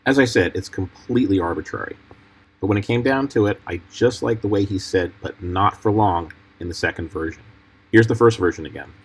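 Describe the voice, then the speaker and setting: A man, a film editor, giving measured, explanatory commentary over clips from a fan film. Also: fairly low pitch, slightly rough, poor audio.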